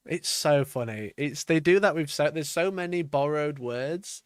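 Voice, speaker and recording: Guy streamer yelling at his chat, swears a lot, kinda high voice, super dry close mic. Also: moderate pace, smooth, no echo. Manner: loud, mocking, swearing, bursts of laughter. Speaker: streamer reacting to a video. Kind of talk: live reaction commentary.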